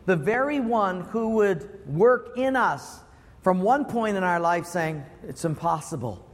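A man's voice: high voice, animated, slow, in a large hall. A man preaching a sermon, asking the congregation rhetorical questions with emphatic delivery.

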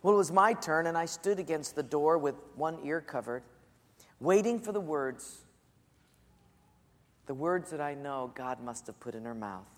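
A man's voice: on the high side, lively intonation, normal speed, pauses often. Man preaching in a reverberant hall. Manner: storytelling, drops to a soft hush for quotes. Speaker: pastor. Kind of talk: sermon.

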